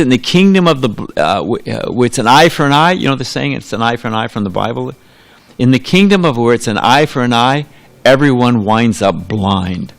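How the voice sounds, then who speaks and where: In a temple hall, a male preacher with a medium, slightly bright voice delivers a sermon. His style is loose and conversational, drifting into asides and starting his sentences over.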